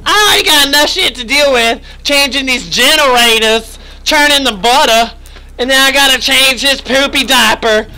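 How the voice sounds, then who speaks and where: A man's voice: very high voice, moderate pace, pushed and bright, pitched above the performer's own voice, full character voice, poor audio. A man voicing a sassy, fed-up woman caretaker scolding someone in a raised voice.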